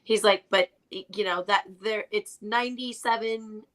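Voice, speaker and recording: A woman co-hosting a parenting podcast, telling long, animated stories about her kids in casual chat. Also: mid-range voice, moderate pace, low-quality recording. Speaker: podcast co-host.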